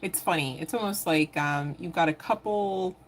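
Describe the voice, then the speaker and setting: A woman giving a live tarot reading in a casual, animated way, swearing freely and laughing often. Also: on the low side, moderate pace, slight background noise. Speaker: tarot reader.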